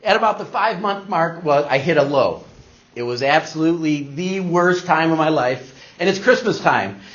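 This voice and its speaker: A man's voice: on the high side, animated, moderate pace, fairly bright tone. A middle-aged man giving a talk, telling a personal story to an audience and acting out the people he quotes. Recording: dull lo-fi recording.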